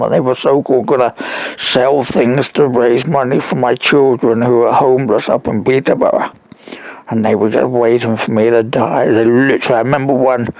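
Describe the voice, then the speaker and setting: Gravelly, halting man on a call. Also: mid-range voice, darkish tone, dry recording, rough recording. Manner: rambling, halting storytelling with many restarts. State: weak and struggling to breathe. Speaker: caller. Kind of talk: recorded phone call.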